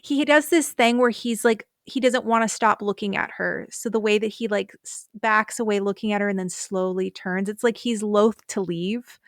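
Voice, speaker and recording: A woman's voice: mid-range voice, moderate pace, hardly any pauses, dry recording, studio quality. A woman co-hosting a podcast, chatting casually and animatedly as she recaps scenes and reads out lines. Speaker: podcast co-host.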